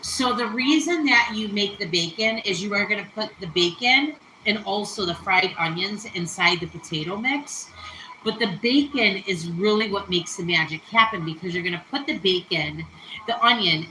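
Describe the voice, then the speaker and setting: A woman's voice: mid-range voice, moderate pace, sharp tone, slight background noise. A woman hosting a casual home cooking stream, chatty and giggly and laughing often, in an echoey kitchen. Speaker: cooking show host. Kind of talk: casual cooking livestream chat.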